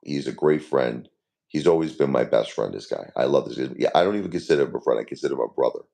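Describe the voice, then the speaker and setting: Grieving male live-stream host in his forties, very deep and gravelly, rambling and repetitive. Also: expressive, quick pace, dark tone. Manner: repeats himself, talks straight to chat viewers by name. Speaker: livestream host. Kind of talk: casual live-stream talk to viewers.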